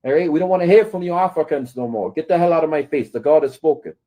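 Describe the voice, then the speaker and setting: A man's voice: fairly high pitch, fast, mellow. A man ranting at his critics, scolding and taunting them and often asking "right?". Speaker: commentator. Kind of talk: confrontational rant to camera.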